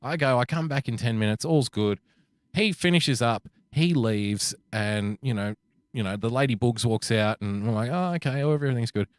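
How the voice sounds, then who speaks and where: On this clean, dry, studio-quality podcast recording, an Australian co-host speaks in a mid-range voice at an ordinary pace. He's spinning a profane story in relaxed conversation, performing each quote with lively energy.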